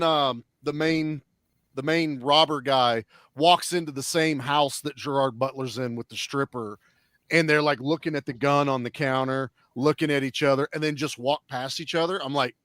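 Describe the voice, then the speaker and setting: Guy ranting about a movie, swears a lot, kinda high voice, dry close sound. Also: moderate pace, dry recording. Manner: blunt, profane, animated storytelling. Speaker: panelist reviewing a film. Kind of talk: casual chat.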